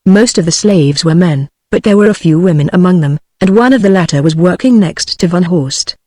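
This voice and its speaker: A text-to-speech British woman's voice giving scripted audiobook narration with even, synthetic delivery. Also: on the low side, a little fast, dry recording. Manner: evenly read synthetic delivery. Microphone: studio-clean synthetic audio.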